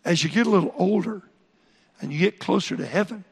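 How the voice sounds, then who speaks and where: Male pastor, folksy sermon storyteller, husky rasp, reverberant church room. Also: sits high, fairly quick. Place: church sanctuary.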